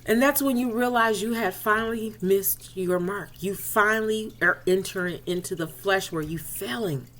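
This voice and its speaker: A woman's voice: medium pitch, moderate pace, hardly any pauses, fairly bright tone. A woman speaking directly to listeners as she tells a personal faith testimony, casually and conversationally, and often replays the dialogue as she retells it. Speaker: inspirational speaker.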